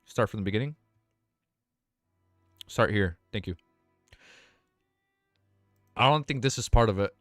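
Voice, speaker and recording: A young man hosting a late-night livestream, reacting to artwork in a casual, excitable way with plenty of swearing, his voice tired and worn out. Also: lowish voice, unhurried, long pauses, dry recording, clean studio sound, soft background music. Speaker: livestream host.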